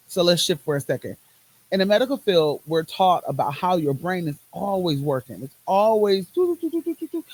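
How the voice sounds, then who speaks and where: A woman's voice: fairly low pitch, low-quality recording. A woman hosting a podcast, talking about her own life in an emphatic, repetitive rhythm, recorded on a phone. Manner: emphatic, repeats phrases in rhythmic runs; uses casual Southern US words like y'all. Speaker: podcast host; medical field worker. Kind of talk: personal podcast monologue.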